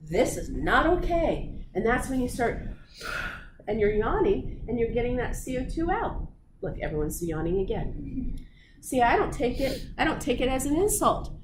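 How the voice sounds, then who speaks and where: A woman's voice: a little high, moderate pace. A woman lecturing on physiology to a live class, playful and teasing her students. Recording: room recording with steady background noise.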